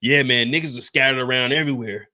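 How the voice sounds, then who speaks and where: A man hosting an animated recap of a TV episode, telling the action in profane slang and acting out the gunfire with his own sound effects. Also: mid-range voice, quick pace. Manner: excitable, acts out scenes with gunshot sound effects. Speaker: show recap host.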